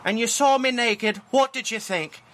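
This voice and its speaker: A man putting on an old Scottish wife's high voice. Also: moderate pace, fairly bright tone. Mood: coy. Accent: put-on Scottish. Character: old Scottish wife in a joke.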